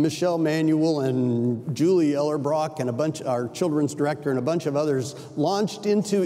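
An older man, a pastor, delivers a sermon in a large church sanctuary, his voice fairly high and warm. He preaches like he's telling a story, chatting along and correcting himself in little asides, and the recording carries the reverberation of the sanctuary.

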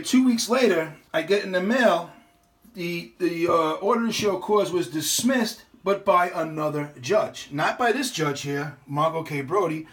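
A middle-aged man, talking in a casual, ranting monologue. He is blunt and profane and keeps restarting his sentences. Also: fairly high pitch. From New York. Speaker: vlogger.

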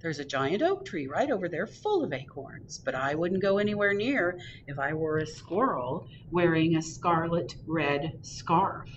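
A woman voicing a great horned owl who hoots loudly and sounds incredulous. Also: low voice, lively intonation, measured pace, hardly any pauses, muffled recording, background noise. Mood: hooting. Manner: hooting, incredulous.

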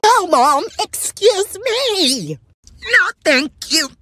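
A woman's voice: very high-pitched, sing-song, extremely slow, a bit bright, full character voice. A performer playing a bossy mother scolding her kids in a car, in a comedy skit.

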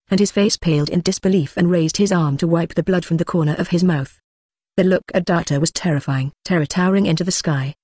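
An audiobook narrator reads a translated web novel at an even, steady pace. The voice sits in a middle pitch. The sound is dry and close. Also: no echo.

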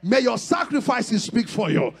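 A man preaching a sermon, declaring prayers in a chanting, sing-song way that rises into shouts. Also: very high voice, very animated, moderate pace, slightly rough. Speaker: pastor.

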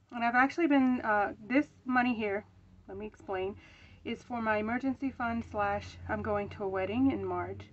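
Counting cash out loud, a breathless young woman talks through her budget in a chatty home vlog full of ums. Her voice is fairly high; the recording has its highs cut off and carries a little hiss or hum.

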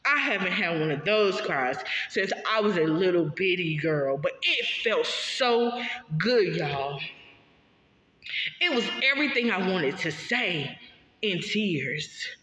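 A woman's voice: lowish voice, lively intonation, slow, fairly bright tone. Woman, vlogger, heartfelt monologue, emphatic, repetitive, talks to listeners, roomy echo. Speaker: vlogger sharing her story. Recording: echoey room, dull lo-fi sound.

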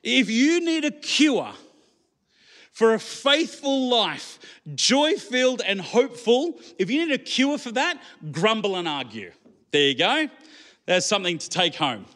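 A man's voice: extremely high pitch, big pitch swings, measured pace, fairly bright tone. A man preaching a sermon in church, conversational and full of rhetorical questions to the congregation. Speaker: pastor.

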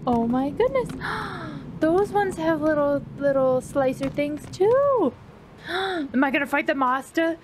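A woman commenting on her gameplay, gasping often and repeating excited exclamations. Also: sits high, takes it slowly, noisy background. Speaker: let's play gamer. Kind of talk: let's play commentary. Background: game music.

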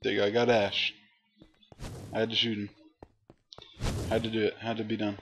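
A man's voice: fairly low pitch, completely flat delivery, moderate pace. A man commenting casually on a game he is playing, talking to his viewers and letting out frustrated outbursts. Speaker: gaming commentator. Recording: loud background noise.

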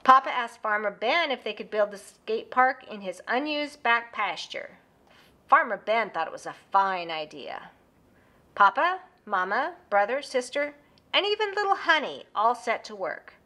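A woman narrating a children's storybook with a lively, expressive reading. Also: on the high side, unhurried.

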